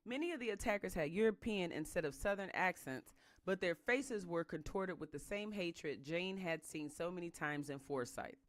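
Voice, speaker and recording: A reader working through a book chapter in a steady, even voice, then breaking off into fired-up, slangy remarks. The commentary is loud and emphatic, while the reading stays calm. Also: mid-range voice, moderate pace. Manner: casual slangy speech in the asides.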